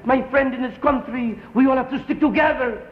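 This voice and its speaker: A man's voice: very high-pitched, fairly even intonation, a little fast, echoey room, voice pushed up. A man voicing a cocky teenage gang kid making an earnest speech in accented broken English, from a dull lo-fi 1950s television broadcast.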